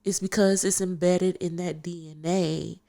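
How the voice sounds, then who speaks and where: A woman guest telling a personal story in an animated, emphatic way, repeating phrases for effect. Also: on the low side, a little slow. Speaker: podcast guest.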